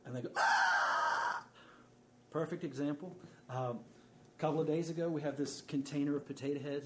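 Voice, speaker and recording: A man in his thirties preaching in a relaxed, conversational way, with joking asides. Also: mid-range voice, slight background noise. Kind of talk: sermon.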